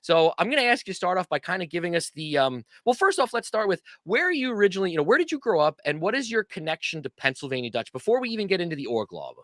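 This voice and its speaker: A man hosts a casual livestream, chatting in a loose, rambling way and poking fun at himself. His voice is bright and forceful. The sound is dry and close. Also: high-pitched, sing-song, quick pace, hardly any pauses, dry recording. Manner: chatty, rambling, self-deprecating. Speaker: host.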